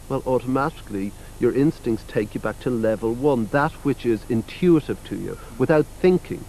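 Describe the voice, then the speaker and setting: A man's voice: mid-range voice, a little fast, few pauses, darkish tone, slight background noise, rough recording. A man in his forties from Ireland with an Irish accent, a musician talking in a casual interview, rambling and blunt and swearing freely. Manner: rambling, blunt and profane, full of "you know" fillers.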